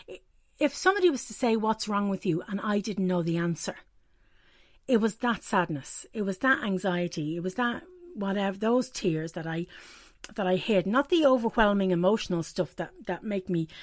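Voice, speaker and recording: A woman's voice: medium pitch, dry recording. Middle-aged woman, candid and self-deprecating, dry close-mic read of a personal reflection. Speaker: weekly reflection presenter.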